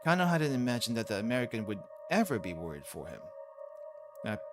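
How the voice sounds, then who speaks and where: A man's voice: mid-range voice, very animated, fast, music in the background. Casual male streamer reading a visual novel. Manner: casual asides between narration. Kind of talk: reading a game aloud with commentary.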